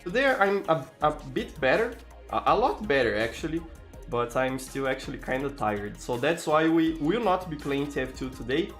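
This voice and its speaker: A man's voice: on the high side, normal speed, faint music behind. A tired man from Brazil with a Brazilian accent, chatting casually as a live streamer and greeting viewers by name. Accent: Brazilian Portuguese. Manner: greets viewers by name, frequent restarts, relaxed.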